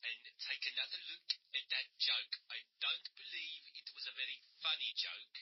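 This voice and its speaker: A man's voice: mid-range voice, normal speed, slightly rough, muffled recording, natural voice. A man voicing an indignant South African heckler in a put-on South African accent, prim and complaining with sudden swearing.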